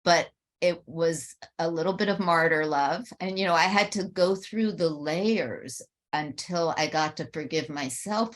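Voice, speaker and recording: A woman on a webinar panel, telling a candid personal story and getting animated when she quotes others. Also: lowish voice, unhurried.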